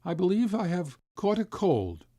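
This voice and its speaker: A man's voice: high voice, very animated, moderate pace, warm tone, dry recording, studio quality, pitched above the performer's own voice. A man voicing a poor, starving father who speaks in a hollow, shaking voice. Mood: muttering.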